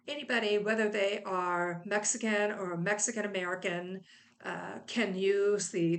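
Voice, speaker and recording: Chatty woman reviewing a book. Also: mid-range voice. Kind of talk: casual video book review.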